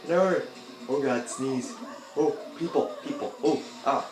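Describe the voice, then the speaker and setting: A man rambling and joking through casual gameplay commentary, breaking into loud outbursts now and then. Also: medium pitch, measured pace. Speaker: gameplay video host. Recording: echoey room with game music behind.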